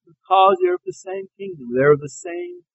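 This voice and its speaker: A man's voice: very high voice, wildly swooping pitch, normal speed, vocal fry, rough recording. A man from Alabama preaching a sermon, telling folksy, anecdotal stories. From Alabama, USA.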